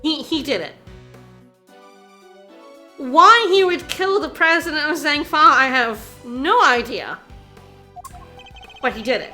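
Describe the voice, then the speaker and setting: A woman streaming a video game, chatting casually with her viewers, excitable and insistent, repeating herself and laughing often. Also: sits high, takes it slowly, long pauses, soft background music. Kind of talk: casual game commentary to chat.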